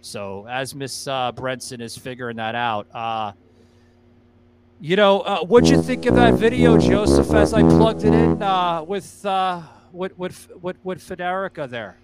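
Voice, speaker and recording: A man's voice: sits high, lively intonation, unhurried. New York man hosting, rambling chat. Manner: stammering restarts, rambling. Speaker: podcast host. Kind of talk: casual chat.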